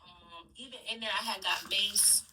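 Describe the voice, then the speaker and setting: A woman's voice: mid-range voice, normal speed, bright, forceful tone. A woman being interviewed on a live stream, talking in a distressed, pleading, repetitive way. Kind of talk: emotional live-stream talk. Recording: distant mic with noise.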